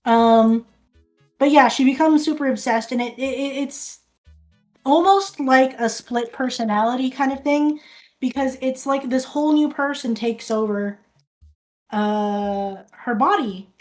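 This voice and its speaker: A woman's voice: high voice, a little slow, darkish tone, faint music behind. A woman streamer casually recapping a film, rambling, restarting sentences and swearing often.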